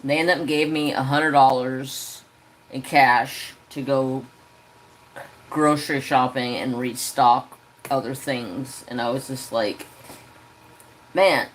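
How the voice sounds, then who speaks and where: A man hosting a crafting livestream from home, telling a story in a casual, animated way and swearing freely as he rants. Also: mid-range voice, slow pace, pauses often. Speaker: crafting channel host.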